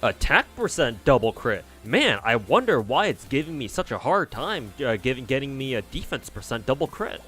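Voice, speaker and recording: A man's voice: medium pitch, very animated, moderate pace, hardly any pauses, pushed and bright. A man streaming a game, chatting casually and swearing freely as he mutters to himself. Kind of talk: casual gameplay commentary. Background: faint game music.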